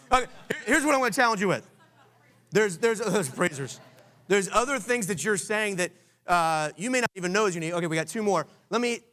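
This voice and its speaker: A man with a high, raised voice, hosting a conference session. He coaches a live audience energetically and keeps quizzing the room with questions. He comes from Washington, D.C. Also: bright, forceful tone. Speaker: conference host.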